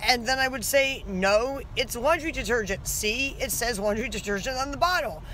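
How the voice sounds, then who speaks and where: A woman's voice: on the high side, normal speed, bright, forceful tone, a little hiss or hum. Exasperated chatty woman vlogging outdoors. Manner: chatty, frequent "like" fillers; exasperated retelling of a grievance. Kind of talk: casual vlog narration. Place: outdoors by a house.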